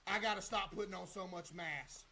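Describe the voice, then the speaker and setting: A man's voice: high voice, moderate pace, bright, forceful tone, poor audio. A young man livestreaming in casual chat, joking and bragging in loose slang.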